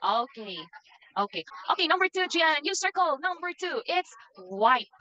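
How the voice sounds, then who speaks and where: Seorang wanita guru bahasa Inggris daring, dengan sabar mengeja kata huruf demi huruf dan mengulanginya untuk seorang anak kecil, suara kering lewat mikrofon panggilan video. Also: female voice, high-pitched, big pitch swings, moderate pace, bright, forceful tone, no room sound, highs cut off. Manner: patient, spells words out letter by letter and repeats them. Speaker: online English teacher. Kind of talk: phonics lesson with a young child.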